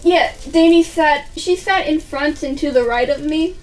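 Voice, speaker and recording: A woman's voice: sits high, moderate pace. A woman chatting through a storytime vlog, casual and swearing now and then as she acts out what people said. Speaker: vlogger. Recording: distant mic with faint music.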